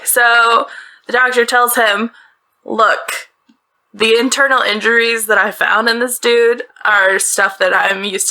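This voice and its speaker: A woman with a medium-pitched, pushed and bright voice hosts a true-crime podcast, chatting casually about the case and laughing along the way. She comes from the northeastern United States and records in a tiny, closet-like bedroom.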